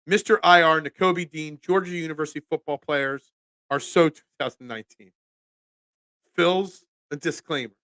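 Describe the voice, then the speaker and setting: A man hosting a casual sports talk show, ranting in an animated, self-deprecating way. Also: a little high, moderate pace, no echo.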